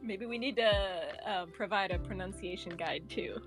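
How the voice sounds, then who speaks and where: A woman speaking in a casual online audio chat, relaxed and amused. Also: mid-range voice, normal speed, over music, low-quality recording. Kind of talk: casual Twitter Space chat.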